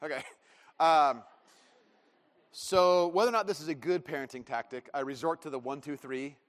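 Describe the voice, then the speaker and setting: A man's voice: fairly high pitch, normal speed. A man in his thirties preaching a sermon in a church, conversational and self-deprecating, acting out bits of dialogue. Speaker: pastor. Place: church auditorium. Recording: long reverb of a church hall.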